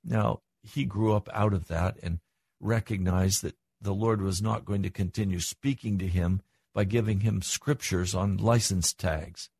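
A man's voice: steady tone, a little slow, vocal fry, a little mellow, slightly rough, dry recording. An older man preaching a sermon as pastor, earnest, with his voice rising for emphasis. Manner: earnest, rises in pitch for emphasis.

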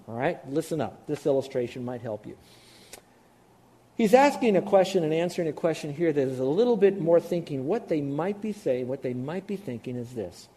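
Animated preacher, mellow, fairly high voice. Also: male voice, brisk. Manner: animated, emphatic, talks straight to the listeners. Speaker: pastor. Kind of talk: sermon.

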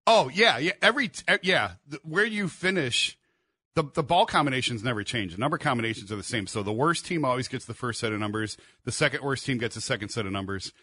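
Sports reporter guy on radio, explains stuff in detail, bright voice, dead dry studio. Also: medium pitch, animated, fast, slightly rough, dry recording. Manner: explanatory, chatty, talks through details. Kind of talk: sports talk radio banter.

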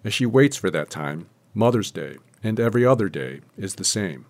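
Male radio reporter, lowish voice, measured scripted news read. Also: expressive, vocal fry.

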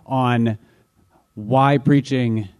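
A man's voice: mid-range voice, fairly even intonation, drawn-out words, darkish tone. A man co-hosting a live podcast with wry, wordy, dry humor. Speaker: podcast co-host.

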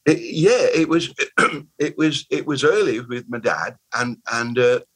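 A man in his eighties with a Bristol accent, telling stories as an interview guest in a rambling, animated way. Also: medium pitch, a little slow, husky, low-quality recording. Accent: Bristol English. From Bristol, England. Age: 80s. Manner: rambling, animated, restarts words often. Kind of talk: casual conversational storytelling.

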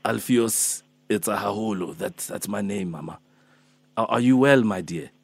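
A man's voice: on the low side, normal speed, creaky, breathy edge. A man voicing a fussy, pleading elderly man who chases a debt in a prank phone call, rambling and hesitant. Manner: rambling, hesitant, calls her Mama and my darling.

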